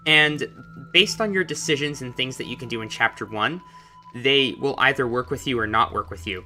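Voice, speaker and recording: A man talks through a video game playthrough in a relaxed, chatty way, drifting into musing asides. His voice is sharp and bright at a middling pitch. Faint game music plays underneath. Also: normal speed. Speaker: gameplay commentator. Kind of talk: casual let's-play commentary.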